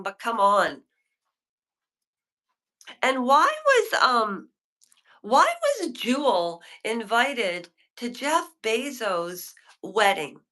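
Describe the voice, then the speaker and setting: A woman's voice: on the high side, bright, forceful tone. A woman hosting a live stream from a hotel room, chatting with viewers in a rambling, opinionated way that keeps wandering off topic. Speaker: livestream host.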